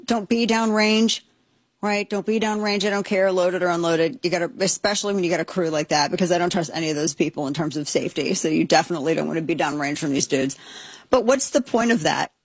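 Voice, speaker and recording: A woman talk radio host with a husky, slightly breathy voice on a close, dry mic. She talks off the cuff with incredulous exclamations and quick jokes. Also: on the low side, no echo. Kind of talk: casual talk radio commentary.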